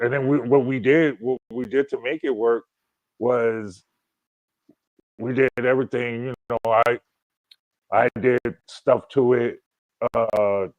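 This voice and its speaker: A man's voice: medium pitch, no echo, lo-fi sound. A man co-hosting a livestream, telling rambling stories in casual chat. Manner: rambling storyteller, many restarts. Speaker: livestream co-host.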